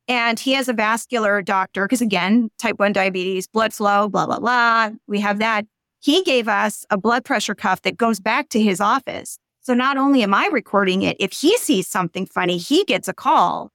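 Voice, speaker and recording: A middle-aged woman talking frankly and earnestly as a guest on a podcast interview, going on at length and rising high when exasperated. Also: a bit bright, no echo.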